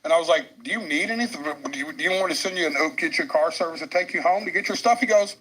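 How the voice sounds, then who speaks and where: Husky man telling a wild story. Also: a little high, racing, poor audio. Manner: excitable, laughing often, crude. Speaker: podcast guest telling a story. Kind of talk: animated storytelling.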